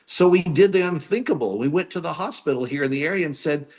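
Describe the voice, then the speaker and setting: A man answering interview questions as a guest, explaining things steadily and becoming more animated when he tells a story. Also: a little high, fast talker. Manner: steady, earnest explainer who gets animated when telling an anecdote. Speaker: guest filmmaker.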